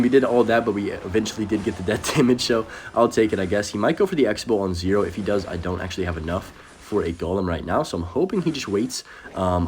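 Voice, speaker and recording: A young man giving live commentary over his own gameplay, excitable and chatty, addressing viewers directly. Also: on the low side, a little hiss or hum. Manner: fast, excitable, talks to viewers as guys. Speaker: gaming commentator.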